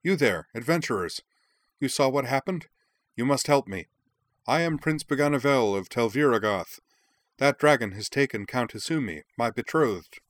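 A man's voice: fairly low pitch, normal speed, fairly bright tone, dry recording, pitched above the performer's own voice, natural voice. A man voicing a young boy prince who speaks with urgent, put-on mature dignity. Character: earnest, self-serious boy prince.

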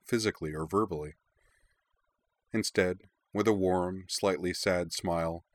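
Man, narrator, very low voice, steady storytelling, dry close sound. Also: no echo. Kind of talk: audiobook narration of fan fiction.

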